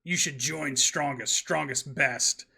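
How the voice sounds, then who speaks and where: A huge stone giant warlord booms in a gravelly, chest-beating brag, mangling his grammar like a brute, put on by a man running a tabletop game. The delivery is slow and drawn out, with a bright, forceful edge. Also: exaggerated voice. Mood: gloating. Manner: broken brutish grammar, chest-beating bragging. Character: boastful hulking male stone giant warlord.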